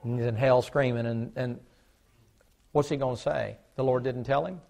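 A man preaching a fiery sermon as pastor. He swings from shouting to mocking mutters. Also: medium pitch, fairly even intonation, normal speed, gravelly. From United States. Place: church sanctuary.

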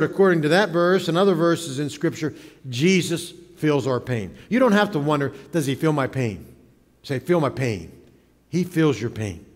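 Male pastor with a slightly high voice, dramatic and animated sermon delivery, recorded in a reverberant church hall. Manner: dramatic, acts out quoted voices. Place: church sanctuary.

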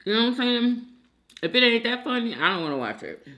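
Chatty woman with a lively, bright voice. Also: fairly high pitch, quick pace. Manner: chatty, keeps addressing viewers as y'all. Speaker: mukbang host. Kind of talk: casual chat while eating.

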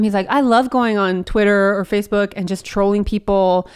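A woman comedian in casual podcast chat, swearing freely and acting out quotes in high, animated bursts. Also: fairly quick, smooth. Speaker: comedian guest.

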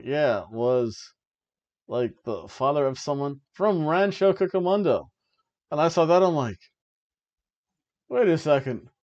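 A man hosting a wrestling review podcast, chatting casually through a match recap, laughing often and filling pauses with ums. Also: mid-range voice, darkish tone, no room sound, dull audio.

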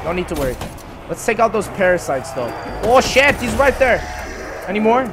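A young man giving excitable live commentary over a video game, swearing and talking to the characters on screen. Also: sits high, normal speed, background noise. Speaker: gaming YouTuber. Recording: voice over loud game audio.

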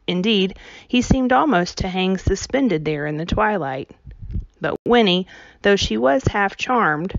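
A woman reading a novel aloud in a measured storytelling way. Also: fairly low pitch, no echo, muffled recording. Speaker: audiobook reader.

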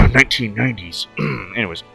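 A man giving excited, jokey commentary as he plays a video game, swearing, yelling and chanting through the fights. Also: medium pitch, moderate pace, vocal fry, faint music behind. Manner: loud, jokey, swears a lot, yells and chants during fights. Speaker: gaming streamer.

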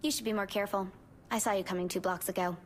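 An actress playing a paranoid young female hacker ally in a video game, with a dry, clipped, deadpan delivery. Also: mid-range voice, racing, a little hiss or hum, lightly acted. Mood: wary. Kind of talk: video game cutscene dialogue.

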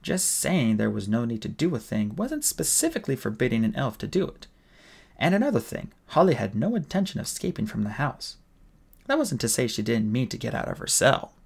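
A man reads a novel aloud in a gravelly, husky voice at a middling pitch. His storytelling is steady and plain, carrying the chapter along. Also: fairly quick. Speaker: audiobook reader.

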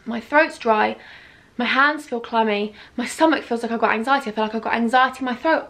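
A woman's voice: a little high, fairly quick. A young woman from the UK talking anxiously and self-critically in a confessional vlog. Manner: anxious, self-critical, often quiet and whispery. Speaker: vlogger.

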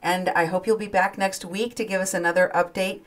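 A woman hosting a radio talk show, speaking in a polite, measured and steady way. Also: fairly low pitch.

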